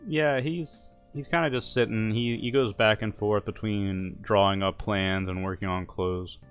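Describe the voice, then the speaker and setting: A man with a very low voice runs a tabletop game as game master. He describes scenes in steady, descriptive narration and calls for rolls. Soft music plays underneath. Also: unhurried, smooth, phone-quality sound. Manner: calm descriptive narration, calling for dice rolls.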